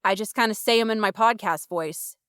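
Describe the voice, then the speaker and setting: A woman's voice: medium pitch, a little fast, a bit bright, clean tone, dry recording, studio quality. A young woman co-hosting a casual podcast, chatty and self-mocking, laughing often at her own stories. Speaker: podcast co-host.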